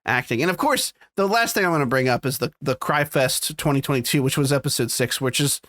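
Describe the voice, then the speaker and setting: Chatting casually as a podcast co-host, this man swears a lot while retelling scenes with animation. He speaks briskly at a medium pitch with a slightly bright tone, and there's no echo.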